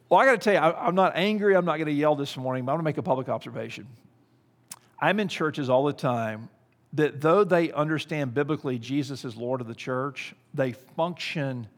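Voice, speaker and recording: A man's voice: a little high, in a large hall. A middle-aged man preaching a sermon, telling a story and then building into emphatic preaching.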